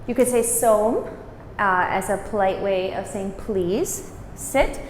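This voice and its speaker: A woman teaching a language lesson, patiently saying words slowly and repeating them for practice. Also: medium pitch, a little hiss or hum. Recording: roomy echo, distant mic.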